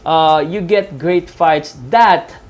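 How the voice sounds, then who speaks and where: A man's voice: fairly high pitch, takes it slowly. Chatty Filipino man, boxing talk. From Philippines. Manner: chatty, rambling, with many fillers and restarts. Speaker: boxing commentator. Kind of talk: live fight-night talk.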